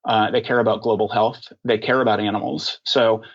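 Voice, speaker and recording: A man speaking as a podcast guest, thoughtful and unhurried, with many ums and restarts. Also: lowish voice, flat delivery, dull audio. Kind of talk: casual interview talk.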